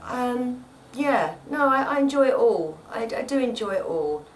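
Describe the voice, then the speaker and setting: A woman's voice: on the high side, expressive, moderate pace, far from the mic, slight background noise, low-quality recording. An actress chatting at home in an interview, rambling and often repeating her words. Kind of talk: casual interview chat. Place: at home, indoors.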